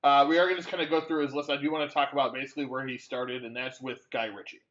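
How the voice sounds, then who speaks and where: A man's voice: mid-range voice, level tone, rapid-fire, a bit bright, dull audio. A man co-hosting a movie podcast, chatting casually with a rambling delivery full of fillers and restarts. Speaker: podcast co-host. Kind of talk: casual movie-review chat.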